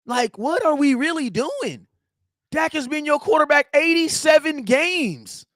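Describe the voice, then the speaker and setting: A man with a high voice hosts a fan reaction stream. He rants in loud, slangy bursts and keeps raising his voice to hammer his points. The sound is close and dry, with no room behind it. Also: unhurried, no room sound. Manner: animated ranting, slangy, often shouting. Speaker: sports fan show host. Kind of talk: heated fan reaction livestream.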